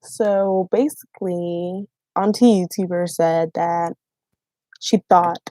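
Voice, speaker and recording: A woman's voice: on the low side, steady tone, slow, dark tone, no echo. A young woman from Haiti, a YouTube vlogger, telling a story in casual live-stream chat with fillers and laughs.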